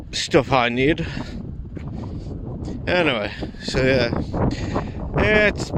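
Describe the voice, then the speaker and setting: A man vlogging outdoors on a phone in wind and rain, rambling with many fillers and pauses. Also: medium pitch. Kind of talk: casual vlog chat. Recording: heavy wind noise on phone mic.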